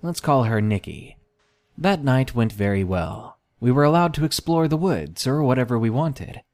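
A man with a mid-range voice reads aloud first-person scary stories that listeners sent in. His scripted horror narration is steady and measured.

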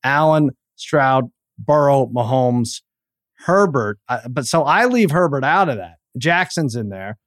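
A man's voice: medium pitch, lively intonation, measured pace, no echo, clean studio sound. A man co-hosting a casual sports chat, rambling and acting out quoted remarks. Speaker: sports podcast co-host.

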